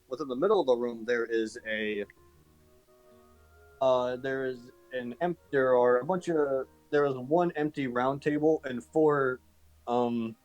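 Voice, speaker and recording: A man's voice: medium pitch, a little mellow, highs cut off. A man narrating a tabletop game as game master, stopping and restarting his sentences often. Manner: halting, many restarts and repeats.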